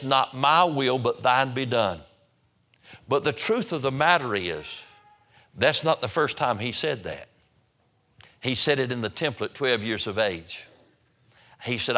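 A man preaches to a church congregation, his voice bright and forceful at a middle pitch. He speaks emphatically, often doubling words as he restarts a thought. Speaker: pastor. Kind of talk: sermon.

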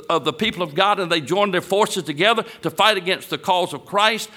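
A man preaching a sermon, reading scripture slowly and then rising into loud, emphatic exhortation. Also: high-pitched. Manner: reads old scripture in a slow solemn cadence.

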